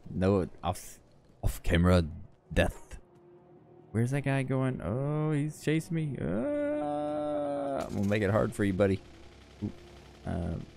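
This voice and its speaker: A man with a very low, gravelly voice talks through his game session in a loose, rambling way, doubling back on what he just said. He sounds worn out and on the edge of yawning, with a faint hiss sitting under the recording. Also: a little mellow. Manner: rambling, self-correcting, chatty. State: tired, yawning. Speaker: gaming channel host. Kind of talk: casual gameplay commentary.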